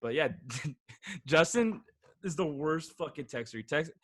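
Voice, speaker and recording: A young man hosting a podcast, telling a story with laughter and reading text messages aloud in a flat, mocking voice. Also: on the high side, a little slow, dry recording, clean studio sound. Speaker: podcast host. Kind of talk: casual chat.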